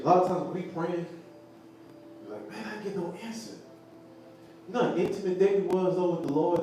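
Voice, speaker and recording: A man teaching the Bible to a group, animated and laughing, often asking the crowd questions. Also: on the high side. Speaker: preacher. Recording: echoey room from far off, faint noise.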